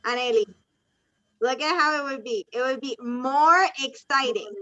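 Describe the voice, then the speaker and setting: A woman's voice: high voice, normal speed, pushed and bright. A woman teaching an online English class, patiently calling on students and explaining in English and Spanish. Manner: encouraging, switches between English and Spanish explanations. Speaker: ESL teacher. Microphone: video call. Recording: dull lo-fi video call audio.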